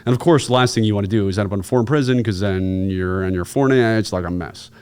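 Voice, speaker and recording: A man with a voice on the lower side tells stories in a relaxed interview. He is a former intelligence officer, and he slips into little impressions of the people he describes. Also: fast talker, smooth. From United States. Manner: lively storyteller who acts out the people in his anecdotes. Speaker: podcast guest, former intelligence officer and instructor. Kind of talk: casual interview storytelling.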